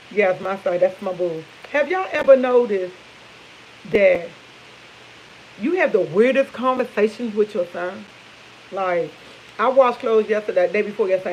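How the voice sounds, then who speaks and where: A woman's voice: mid-range voice, slight background noise, low-quality recording. A woman, chatting over morning coffee at home, telling stories to her viewers. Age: 50s. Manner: chatty, animated storytelling, addresses viewers as y'all. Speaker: vlogger. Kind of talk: casual morning coffee chat. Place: home kitchen, indoors.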